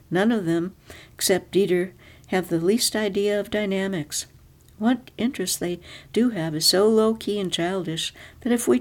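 A woman reading the lines of a sharp-tongued, weary middle-aged wife in a storybook reading, clipped and self-deprecating. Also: lowish voice, lightly acted.

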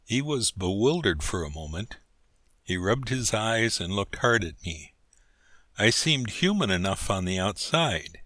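A man narrating a humorous story in a measured, dryly comic reading. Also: lowish voice, very animated, pushed and bright, no room sound, studio quality. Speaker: audiobook narrator.

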